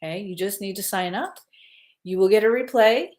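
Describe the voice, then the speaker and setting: A woman's voice: medium pitch, a little fast, a little mellow. Chatty woman psychic on a livestream. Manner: chatty, repeats reminders with "okay?". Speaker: psychic medium hosting a livestream. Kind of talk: casual livestream promotion.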